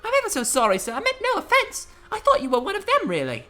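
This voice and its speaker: A woman's voice: high voice, huge pitch swings, fast, bright, forceful tone, faint music behind, voice pushed up, full character voice. A woman voicing an eager, polite young boy apprentice, reading game dialogue. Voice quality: earnest, chirpy.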